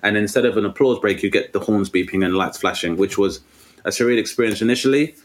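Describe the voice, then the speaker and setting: A man's voice: on the low side, fast. A man, a comedian talking articulately and animatedly in a casual conversation. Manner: articulate, animated storytelling with put-on voices.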